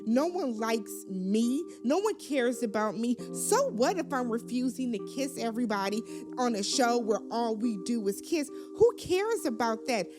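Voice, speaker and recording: A woman's voice: high voice, very animated, fairly quick, few pauses, music in the background. A woman mimicking a whiny, insecure young contestant. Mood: self-pitying.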